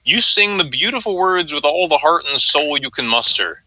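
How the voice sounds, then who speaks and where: A young man reading an absurd story aloud to friends on a voice chat call, mostly deadpan. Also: a little high, normal speed, no echo, rough recording. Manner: deadpan reading, breaks into laughter.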